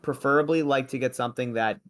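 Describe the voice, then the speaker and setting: A man's voice: medium pitch, steady tone, fast talker. A young man hosting a sports betting livestream, chatting loosely and joking with his co-host and the chat.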